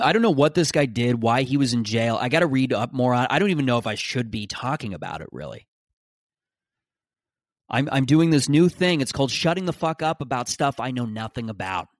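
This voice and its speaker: A man's voice: mid-range voice, dry recording, clean studio sound. A young man, hosting a casual solo podcast, rambling with restarts and self-mocking jokes. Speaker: podcast host.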